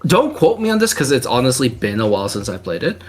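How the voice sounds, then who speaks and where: A young man co-hosting a podcast in loose, casual chat. He rambles along with a lot of fillers and likes to tease. His pitch sits in a middle range. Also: sing-song, fast talker, soft background music. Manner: rambling, filler-heavy, teasing. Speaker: podcast co-host.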